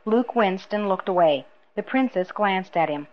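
A woman's voice: mid-range voice, expressive, moderate pace, a little hiss or hum. Woman narrating an audiobook, muffled sound. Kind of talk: scripted narration.

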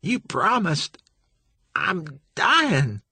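A man's voice: sits high, wildly swooping pitch, drawn-out words, sharp tone, breathy edge, dry recording, voice pushed up, heavily acted. A man voicing a badly hurt young man begging for help in a strained, gasping whisper, in an audiobook. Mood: pained begging. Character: dying broken young man begging, pained.

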